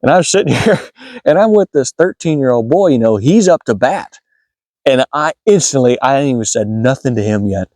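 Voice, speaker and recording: A man hosting a hunting video, telling a folksy, excitable story about a deer hunt. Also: medium pitch, moderate pace, no room sound, studio quality. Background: guitar music.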